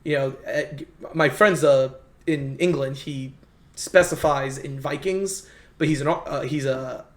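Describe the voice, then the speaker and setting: A man in casual conversation telling history stories in a halting way, full of restarts. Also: medium pitch. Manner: rambling, halting history storyteller with many restarts. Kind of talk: casual storytelling chat. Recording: echoey room.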